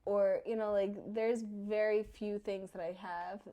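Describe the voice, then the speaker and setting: A woman's voice: mid-range voice, steady tone, measured pace, mellow, dull audio. A woman in her thirties co-hosting a podcast, chatting casually and freely with lots of "you know" and "like". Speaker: podcast co-host. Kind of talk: casual chat.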